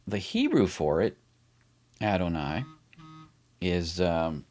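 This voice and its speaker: A man's voice: fairly low pitch, expressive, unhurried, a little hiss or hum. A middle-aged man teaching an online Bible study in a chatty way, explaining things as he writes them out on the screen. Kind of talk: casual online Bible lesson.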